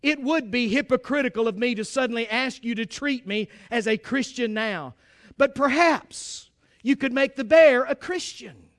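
A man's voice: very high-pitched, moderate pace, fairly bright tone. A male preacher voicing a frightened atheist bargaining with God in a joke. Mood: pleading.

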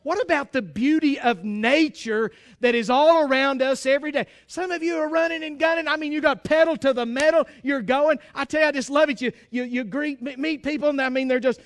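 A male pastor preaching a folksy, emphatic sermon with bits of humor. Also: very high-pitched.

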